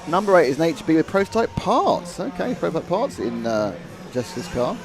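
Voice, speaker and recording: A man's voice: on the high side, big pitch swings, fairly quick, creaky, music in the background. A man doing live race commentary, chatty and jokey, reading out viewer comments.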